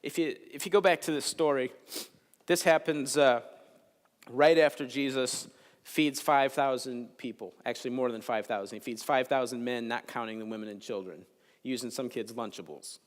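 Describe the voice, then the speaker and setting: A man's voice: mid-range voice, moderate pace. Man, chapel sermon, casual storyteller, wry humor, mid-range voice, long hall reverb. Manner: conversational, joking storyteller. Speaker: chapel speaker. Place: large chapel.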